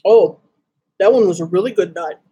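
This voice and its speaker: Woman from Wisconsin, chatty livestream host, breathy husky tone, snarky asides. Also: on the low side, normal speed, warm tone, dull audio. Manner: chatty, greets viewers by name, snarky asides. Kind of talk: casual livestream chat.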